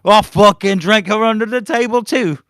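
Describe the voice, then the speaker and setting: A man's voice: high-pitched, normal speed, a bit bright, dry recording, pitched above the performer's own voice. Picture a rowdy pub brawler with a raised, blustering voice, all crude boasts and threats, as a man puts him on. The delivery stays dry and close. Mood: drunken bravado. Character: loud boozy crude British pub man.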